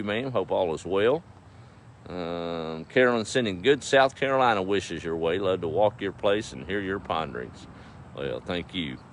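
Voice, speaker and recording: Man, low voice, folksy live-stream host reading comments, faint outdoor traffic behind. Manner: folksy, warm greetings to viewers, drawling slow. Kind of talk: casual live-stream chat.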